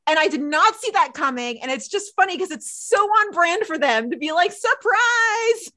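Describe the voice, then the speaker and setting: Woman podcast co-host, casual recap, high voice that swoops around, animated. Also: brisk. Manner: animated, laughs often, acts out characters' lines.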